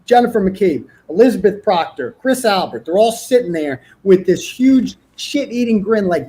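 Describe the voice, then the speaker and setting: A middle-aged man as an interview guest, telling his story in a profane, animated way. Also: high voice, brisk, few pauses, slightly rough. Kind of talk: casual interview.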